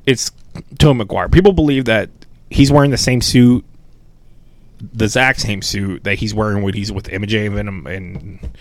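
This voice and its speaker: A man co-hosting a podcast, rambling in casual, animated chat and swearing freely. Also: lowish voice, normal speed. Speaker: podcast co-host.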